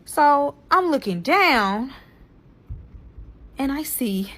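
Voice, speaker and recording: A woman recounts a personal story to her viewers, cursing constantly and talking to them as y'all. Her voice sits a little high and sounds bright. She is heated and animated throughout. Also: very slow, long pauses. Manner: addresses listeners as y'all. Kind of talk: personal story told to camera.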